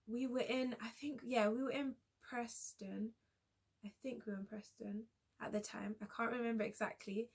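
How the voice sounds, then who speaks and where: A young woman vlogger telling a personal story in a hesitant, halting way, often restarting her sentences. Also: a little high. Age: young adult.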